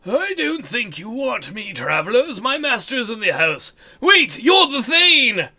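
A humble thrall and former outlaw, as a man voices him in a video game, speaking softly and slowly, begging for a favor. The voice sits high and bright, with lively swings in pitch. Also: exaggerated voice. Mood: pleading. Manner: soft, slow, pleading.

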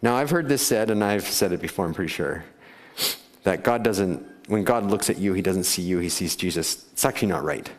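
This pastor's voice sits low and moves fairly quickly as he preaches conversationally in the church sanctuary. He laughs often and asks the congregation questions, and the hall leaves a long reverb on the recording.

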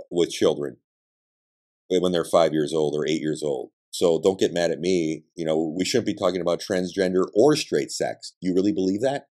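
A man's voice: deep voice, dark tone. A man hosting a podcast, delivering a combative political monologue with blunt, emphatic ranting and profanity. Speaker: podcast host.

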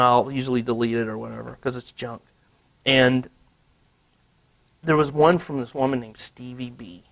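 A man from Missouri, an artist telling a story at a museum talk in an animated way, laughing often and saying "you know" a lot. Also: medium pitch. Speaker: artist giving a gallery talk. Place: museum lecture space.

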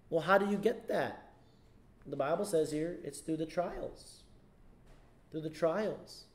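High-voiced man preaching emphatically. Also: darkish tone. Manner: rhetorical questions to the class, emphatic repetition. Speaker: pastor. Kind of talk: Sunday school sermon. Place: church.

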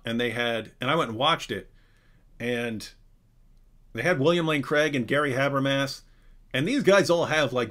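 A male host chatting on a live Q&A stream. His voice is bright and forceful, sitting at a middle pitch for a man. He talks animatedly, restarting sentences and tossing in asides. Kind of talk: casual live Q&A chat.

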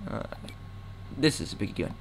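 A gaming channel host jokes and mocks himself while playing a shooter in a let's play, talking at normal speed. Loud gunfire from the game sits over his voice, and there's background noise.

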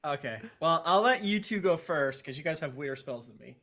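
A man's voice: on the high side, expressive, a little fast, pushed and bright. A man playing a tabletop game, talking casually in long, rambling asides. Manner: rambling, swearing. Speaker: player. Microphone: own mic on a remote recording.

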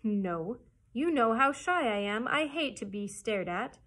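A woman's voice: on the high side, expressive, a little slow, a bit bright. A woman voicing a shy, courteous two-headed creature in a storybook read-aloud. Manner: timid, courteous.

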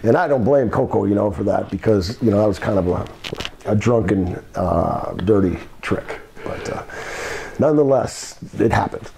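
A man's voice: lowish voice, moderate pace, creaky, mellow, a little hiss or hum. A man in his sixties, a retired wrestler, telling long rambling stories with many fillers in an interview. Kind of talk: storytelling shoot interview.

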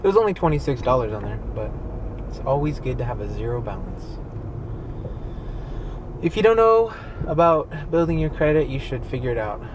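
A man's voice: mid-range voice, sing-song, moderate pace, pauses often. Stuffy-nosed man vlogging on the go. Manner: rambling, offhand. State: stuffy from allergies. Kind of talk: casual vlog chat. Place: driving around town, outdoors and in a car. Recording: street and traffic noise. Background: traffic and city ambience.

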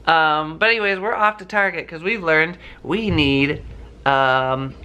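A man's voice: fairly high pitch, measured pace, bright, forceful tone, smooth. Chatty gushing male vlogger. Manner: rambling, chatty, gushing with lots of fillers. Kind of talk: casual vlog chat. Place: home, then a store.

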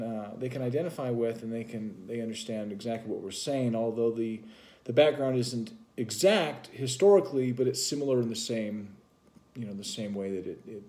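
A man's voice: mid-range voice, dark tone. A man co-hosting a vlog, talking casually and musing at length in a loose, rambling explanation. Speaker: vlog co-host.

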